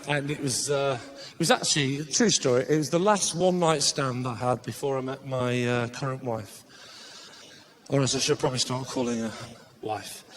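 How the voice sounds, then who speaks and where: A man doing live stand-up comedy in a large venue, bantering with the crowd, mocking, and breaking into bursts of shouting. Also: medium pitch. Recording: live show with loud audience laughter.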